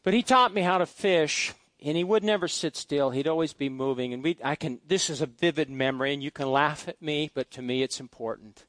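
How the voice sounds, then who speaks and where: A man's voice: on the high side, brisk, few pauses, no echo. Middle-aged man, pastor, folksy storyteller, voice a bit raised, dry close sound. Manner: folksy, anecdotal, swings between loud asides and quiet musing. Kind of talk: storytelling sermon. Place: church sanctuary.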